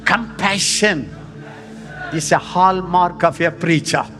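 A man with an Indian English accent preaching a sermon, emphatic and dramatic, swinging between loud and hushed. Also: takes it slowly. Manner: emphatic, dramatic shifts in pitch and volume. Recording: long hall reverb with faint music.

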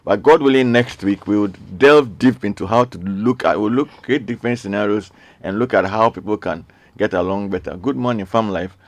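A man's voice: on the low side, moderate pace, hardly any pauses, no room sound. A man hosting a radio call-in show, earnestly reading out listener messages and repeating his requests. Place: radio studio.

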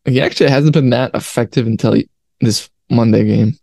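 A young man co-hosting a casual sports podcast, easygoing and quick to laugh. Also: medium pitch, creaky, darkish tone, dry recording, studio quality. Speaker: podcast co-host.

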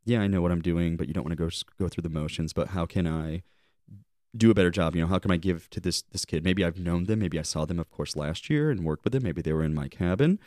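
A low-pitched, fast-talking man with a darkish tone co-hosts a podcast, recorded dry and at studio quality. In casual, reflective chat he rambles heartfeltly about his summer leading camp, often correcting himself and restarting sentences.

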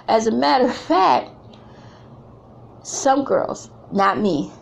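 A woman's voice: a little high, lively intonation, slow, vocal fry, lo-fi sound. A middle-aged woman giving an emphatic, blunt talk to other women, mixing slang and preachy repetition.

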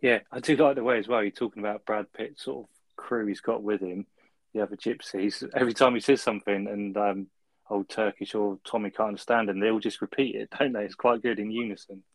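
A man's voice: fairly low pitch, steady tone, fairly quick, dry recording, rough recording. A man co-hosting a film review podcast, easygoing and chuckling, ending points with tag questions. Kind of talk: casual chat.

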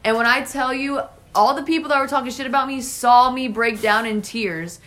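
A young adult woman co-hosting a casual chat, telling a story in an animated, profane way. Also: sits high, moderate pace.

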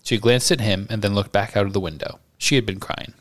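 A man's voice: fairly low pitch, steady tone, brisk. A man hosting a podcast, reading a novel aloud and discussing it. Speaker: podcast host and reader.

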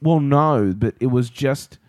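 A man's voice: mid-range voice, takes it slowly, no room sound, studio quality. Laughing, rambling man. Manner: laughs often, rambling and playful. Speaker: podcast co-host. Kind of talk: casual chat.

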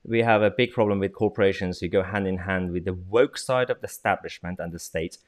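A man's voice: deep voice, a little fast. A British man hosting an interview, talking casually with lots of hesitant fillers. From Britain. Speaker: host.

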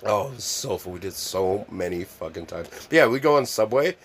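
A man telling wild stories in casual chat, swearing freely and loudly acting out the scenes. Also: fairly low pitch, a little fast, breathy edge. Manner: animated storyteller, swears a lot, acts out scenes loudly.

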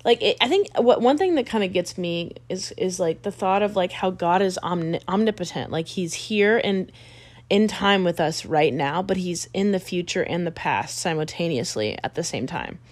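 A woman's voice: fairly low pitch, expressive, normal speed. A woman host in a casual, reflective faith conversation with a guest. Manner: chatty, reflective. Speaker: podcast host.

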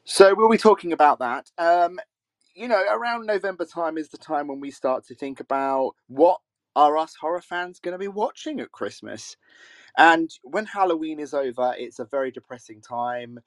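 A man's voice: a little high, normal speed, dry recording. A man hosting a podcast in a chatty, rambling way, often correcting himself. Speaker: podcast host. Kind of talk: casual solo podcast chat.

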